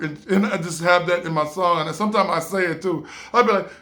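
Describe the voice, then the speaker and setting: A man's voice: sits high, steady tone, fairly quick, pushed and bright. A man in his twenties telling a casual personal anecdote, rambling, full of "like" and laughing often. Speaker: storyteller.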